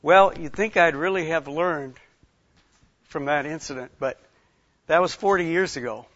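Older man, folksy sermon, slightly high voice, dry dull recording. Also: unhurried, a bit bright, no echo. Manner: folksy, rambling storyteller with many fillers. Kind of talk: conversational sermon.

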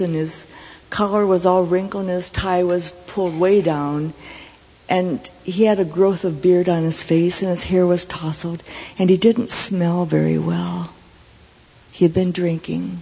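A middle-aged woman preacher tells a personal story in an earnest, measured way. Her voice is mellow and slightly breathy. It rings out with a long hall reverb on a dull, lo-fi recording. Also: fairly low pitch. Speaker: Christian speaker. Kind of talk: storytelling sermon testimony.

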